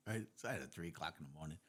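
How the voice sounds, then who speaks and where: A man, a host and former police officer, telling chuckling anecdotes in a relaxed interview. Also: a bass voice, a little fast, husky. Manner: relaxed storyteller, chuckles through his anecdotes. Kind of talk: casual interview chat.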